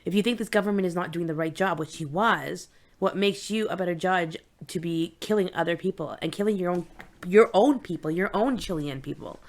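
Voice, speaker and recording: A middle-aged woman co-hosting a podcast in casual chat, animated and jokey, often laughing. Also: on the low side, brisk. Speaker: podcast co-host.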